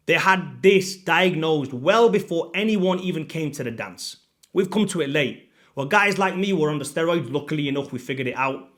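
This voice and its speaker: A man in his thirties speaks as a fitness coach, straight to his audience. His voice sits a little high, and he hammers his points with emphatic, pushy repetition. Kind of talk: direct-to-camera motivational talk.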